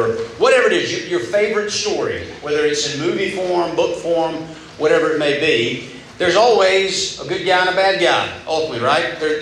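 A man preaching a casual, animated sermon, retelling scripture in everyday talk. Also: fairly high pitch, a little hiss or hum. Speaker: youth pastor. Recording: echoey hall from far off.

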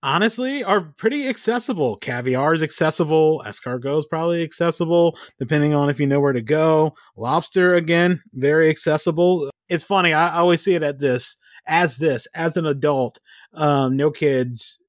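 A man's voice: a little high, moderate pace, no room sound, clean studio sound. A man hosting a podcast, rambling casually through stories. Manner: chatty, rambling storyteller. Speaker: podcast host. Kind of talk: casual chat.

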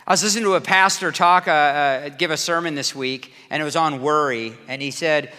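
A man in his fifties preaching a sermon in an energetic, conversational way, talking straight to the congregation. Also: on the high side, a little fast, smooth, long reverb tail. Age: 50s. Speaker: pastor.

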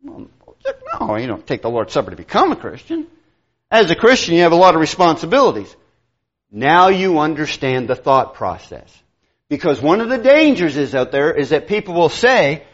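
Male preacher, middle-aged, high lively voice, sermon, acts out conversations, muffled lo-fi sound. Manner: animated, acts out dialogue with quick asides.

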